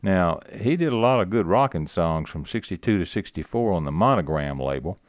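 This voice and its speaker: A man's voice: low voice, animated, no echo, studio quality. A man hosting an oldies radio show, chatting about old records in an easygoing way with lots of filler words. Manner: easygoing, unhurried, with frequent "uh" fillers. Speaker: radio disc jockey.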